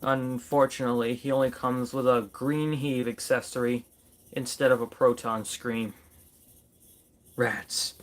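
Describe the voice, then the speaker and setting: A man's voice: mid-range voice, flat delivery, normal speed, a little hiss or hum. A man doing a casual toy review vlog, playfully chatting to his figures as if they were people.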